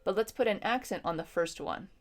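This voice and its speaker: A woman's voice: mid-range voice, lively intonation, fairly quick. A woman music teacher explaining patiently in an instructional lesson, with frequent ums.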